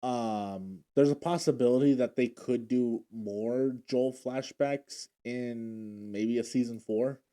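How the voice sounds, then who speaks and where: A man's voice: mid-range voice, fairly even intonation, takes it slowly, hardly any pauses, warm tone. A man recapping TV episodes in a casual, emotional way, often restarting his sentences as he retells scenes. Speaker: show recap vlogger. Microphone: handheld or desk mic he adjusts.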